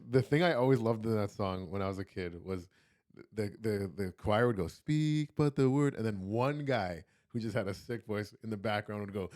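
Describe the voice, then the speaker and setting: A young man from Canada, a comedian guest telling stories and cracking jokes in casual chat. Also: mid-range voice. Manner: joking, storytelling.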